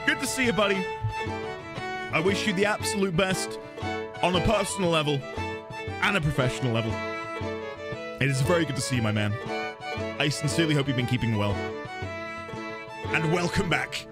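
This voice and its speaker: A man commentating live as he plays a video game, excitable and joking with his chat. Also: a little high, moderate pace, pauses often. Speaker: streamer. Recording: game music behind.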